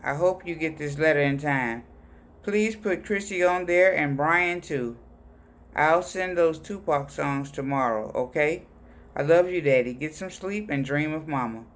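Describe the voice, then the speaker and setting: A man reading personal letters aloud in a plain, unhurried voice. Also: fairly high pitch, a bit bright. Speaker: reader of letters.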